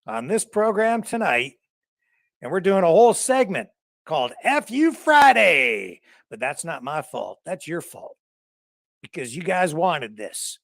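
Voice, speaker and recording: A man's voice: on the high side, fairly bright tone, no room sound. A male news-show host introducing a call-in segment, wry and amused. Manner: wry, amused, slow-paced. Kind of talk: live show hosting.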